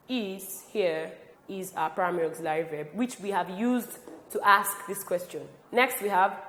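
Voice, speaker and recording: A woman from Nigeria teaching a grammar lesson, speaking slowly and deliberately and stressing each example word. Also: mid-range voice, a bit bright. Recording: roomy with long reverb.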